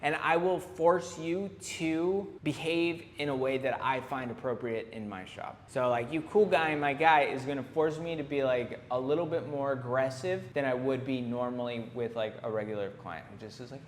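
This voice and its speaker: A man's voice: mid-range voice, fairly quick, hardly any pauses. A man who is a tattoo artist, hosting a casual reaction commentary in a blunt, rambling and profane manner. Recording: roomy echo with long reverb, faint hiss.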